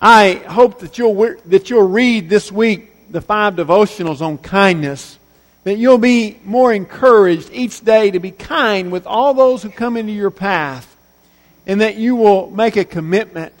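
A man with a high, bright-edged preaching voice delivers a sermon in a church, earnest and emphatic. He repeats his key phrases and lets his lines sink to soft, quiet endings. A long reverb from the hall hangs behind every word. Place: church sanctuary.

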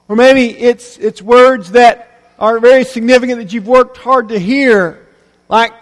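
A man preaching a Sunday sermon to his congregation, earnest and unhurried, with pauses filled by "uh". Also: very high voice. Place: church sanctuary. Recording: reverberant church sanctuary.

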